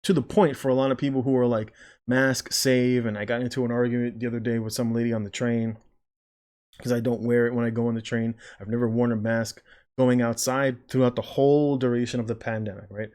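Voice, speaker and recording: A man's voice: medium pitch, little pitch movement, a little fast, darkish tone. A man who works as a nurse, talking through video commentary in a casual, sarcastic, rambling way and mimicking the people he disagrees with.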